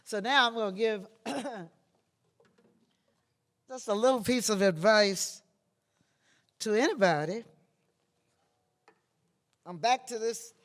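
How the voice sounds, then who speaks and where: An older woman from Virginia, a blues singer and guitarist, talking between songs in a wry, plainspoken, low-key storytelling manner with dry humor. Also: slow pace, pauses often. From Virginia, USA. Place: museum performance venue. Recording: reverberant live hall with guitar.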